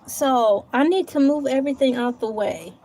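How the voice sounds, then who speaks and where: A woman's voice: sits high, moderate pace, warm tone, slight background noise. A woman live streaming from home in casual chat, thanking viewers and talking to herself while she types and searches around her table. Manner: chatty, talks to herself while searching and typing.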